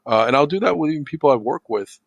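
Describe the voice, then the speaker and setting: A man's voice: fairly high pitch, expressive, fast talker, vocal fry, dry recording, lo-fi sound. A man chatting as a podcast guest, telling stories with plenty of swearing and acting out the arguments he quotes. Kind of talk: casual chat.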